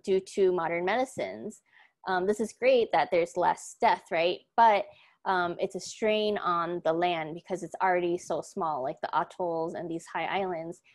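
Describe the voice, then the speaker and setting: A young woman giving a casual class presentation, talking loosely with frequent ums and upbeat asides. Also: lowish voice. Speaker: student presenter.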